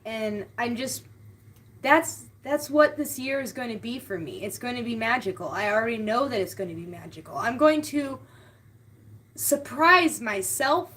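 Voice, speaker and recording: Woman, spiritual live-stream host, earnest, heartfelt, repeats words, casual talk, fairly high voice.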